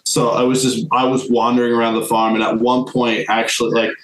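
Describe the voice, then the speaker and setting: A man's voice: mid-range voice, little pitch movement, fairly quick, fairly bright tone. A young man, a podcast guest, telling a long story in casual chat, rambling with many fillers. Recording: echoey room, faint music.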